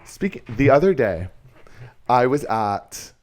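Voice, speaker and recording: A young man co-hosting a podcast, talking in a sassy, animated way, swearing freely and calling people mama and girl. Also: mid-range voice, slow pace. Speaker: podcast co-host. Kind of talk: casual chat.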